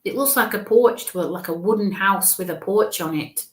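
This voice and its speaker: A woman's voice: medium pitch, moderate pace, reverberant. A woman giving a live mediumship reading as a psychic medium, thinking aloud with frequent halts and restarts.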